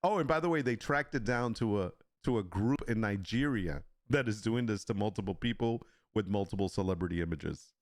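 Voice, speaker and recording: A man's voice: lowish voice, fairly quick, hardly any pauses, no echo, clean studio sound. A man hosting a casual livestream, laughing often and reacting in disbelief as he reads. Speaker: livestream host.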